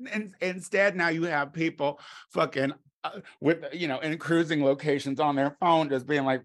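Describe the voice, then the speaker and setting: A middle-aged man delivering a crude comedic monologue, campy and animated, swinging between loud exclamations and low muttered asides. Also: normal speed.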